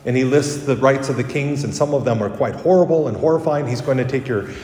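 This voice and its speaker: A priest with a medium-pitched, fast voice gives a conversational homily in a church, correcting himself as he goes and livening up when quoting people. He is recorded from a distance in the echoey church.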